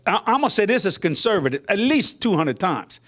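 An older man, a minister guest, telling a personal testimony in an interview, animated, chuckling often and acting out the voices he quotes. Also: sits high, a little fast.

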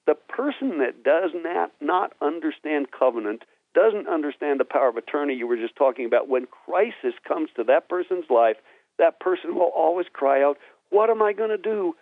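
A man's voice: fairly high pitch, lively intonation, normal speed, no echo. A man who is a guest minister on a talk show, teaching with earnest emphasis and then praying. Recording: tinny phone-like dry sound.

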